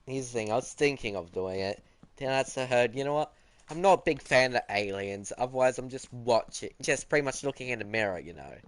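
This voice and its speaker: A man's voice: mid-range voice, expressive, a little fast. A teenage boy streaming a game, chatting casually and teasingly as he answers his viewers. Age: teens. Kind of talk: casual chat while gaming.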